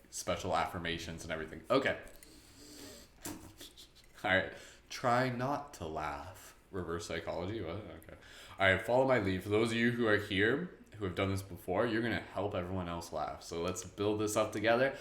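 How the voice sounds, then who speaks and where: A man's voice: sits low, fairly bright tone. Chatty man hosting a live meditation. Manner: chatty, upbeat, loose. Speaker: meditation host. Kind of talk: live-streamed guided meditation. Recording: roomy echo.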